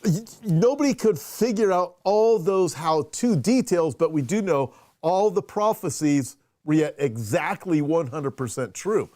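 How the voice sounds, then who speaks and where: Man, pastor host, casual talk, mid pitch, dry close sound. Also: animated, unhurried, hardly any pauses, dark tone, no echo. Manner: conversational, restarts and fillers, reads viewer questions. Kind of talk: casual chat.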